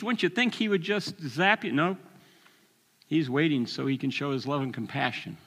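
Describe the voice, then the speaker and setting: A man in his sixties preaching a sermon, telling a personal story with animated delivery and chuckles. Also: a little high, moderate pace, in a large hall.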